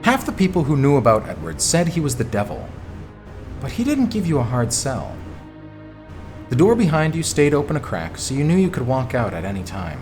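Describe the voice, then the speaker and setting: A man's voice: mid-range voice, wildly swooping pitch, a little fast, darkish tone. A man streaming himself reading a text adventure game aloud, chatty, with casual asides. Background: faint background music.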